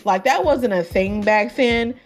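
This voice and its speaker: A woman's voice: medium pitch, unhurried. A woman hosting a podcast, reviewing an album in loose casual chat, full of fillers and asides. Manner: chatty, many fillers and asides, laughs at her own jokes. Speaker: podcast host.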